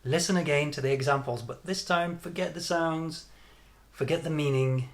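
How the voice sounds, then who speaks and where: A man with a British accent teaching English pronunciation, modelling sounds and stress patterns by repeating them deliberately. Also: a little high. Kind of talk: pronunciation lesson.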